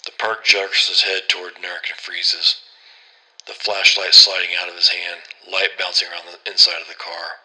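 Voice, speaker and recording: Low, bright-toned grim male narrator. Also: poor audio. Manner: grim, terse first-person telling. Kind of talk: scripted horror story narration.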